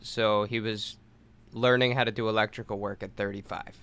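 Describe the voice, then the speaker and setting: A man's voice: lowish voice, moderate pace, smooth. Swearing young man telling a story. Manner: animated storyteller, swears freely, acts out quotes. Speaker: podcast co-host. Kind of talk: casual storytelling chat.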